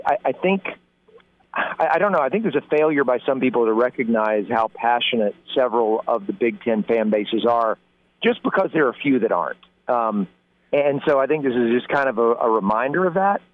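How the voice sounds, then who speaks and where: A man's voice: medium pitch, animated, normal speed. A man, a college football analyst, calling in as a guest and speaking thoughtfully with many restarts. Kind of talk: phone-in interview. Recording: tinny phone line.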